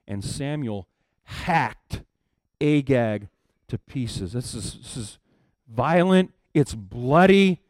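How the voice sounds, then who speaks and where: A man preaching a sermon in a casual storytelling way, swinging from low murmurs to loud emphatic bursts. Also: expressive, no echo, studio quality. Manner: casual storytelling, acts out characters in quick asides. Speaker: pastor.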